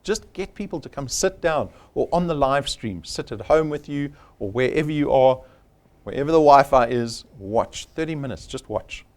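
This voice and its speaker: A man's voice: medium pitch, animated, moderate pace. A man giving an emphatic, punchy sales training talk at a live workshop, repeating his key points.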